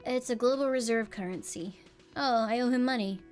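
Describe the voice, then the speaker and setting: A woman's voice: on the high side, brisk, a little mellow, soft background music. A woman streaming a game live, playful and reading its lines aloud.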